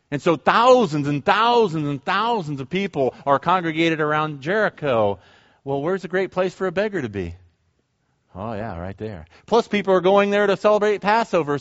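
A man's voice: mid-range voice, big-room sound, dull audio. A male pastor preaching a sermon. He talks in a conversational way and builds to fervent pleading.

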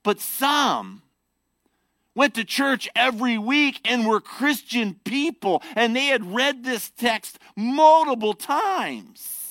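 A man preaching a sermon, animated and emphatic as he explains scripture to his congregation. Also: very high voice, takes it slowly, dry recording. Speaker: pastor.

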